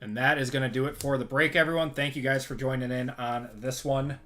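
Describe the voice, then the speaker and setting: Male stream host, bright voice, upbeat list reading, faint music behind. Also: medium pitch, fairly even intonation, a little fast. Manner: upbeat, rattles off lists. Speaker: card break host. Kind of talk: live-stream card break recap.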